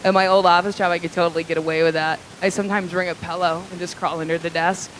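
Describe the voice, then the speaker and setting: A woman's voice: lowish voice, little pitch movement, fast, slight background noise, rough recording. A woman performing a live stand-up set in a comedy club, with a profane, crude, conversational delivery.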